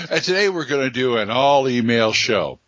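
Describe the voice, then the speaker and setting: A man's voice: mid-range voice, lively intonation, a little slow, a bit bright, a little hiss or hum. Jokey, laughing male podcast host. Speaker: podcast host and game master. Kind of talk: casual chat. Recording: dull, lo-fi podcast audio.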